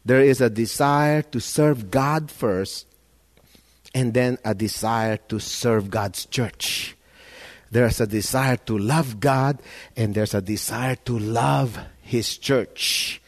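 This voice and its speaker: A pastor preaching a sermon with emphasis, often restarting his words and swinging between loud and quiet. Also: mid-range voice, takes it slowly. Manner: emphatic, repeats words, rises and falls in loudness.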